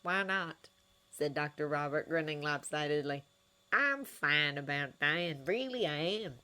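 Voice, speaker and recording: An earnest, wry male doctor who talks to a frightened boy with gentle teasing, as a woman reads him aloud. Her voice sits low for a woman and stays close to her own. It is an audiobook-style fan reading. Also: expressive, measured pace, exaggerated voice. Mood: tender. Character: kind, wry adult male doctor and mentor.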